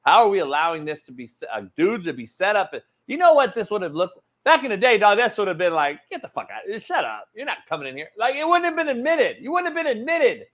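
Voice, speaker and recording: A man's voice: high voice, sing-song, fast, hardly any pauses, fairly bright tone. A man hosting a sports talk show in a heated rant. He swears constantly and talks in loose street slang.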